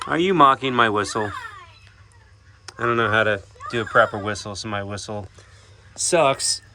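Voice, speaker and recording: A man's voice: lowish voice, normal speed. A man, chatting casually to his animals outdoors and talking to them affectionately. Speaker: animal keeper vlogger. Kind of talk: casual chat to camera. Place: outdoors among animal pens and aviaries. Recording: outdoor noise with animal sounds.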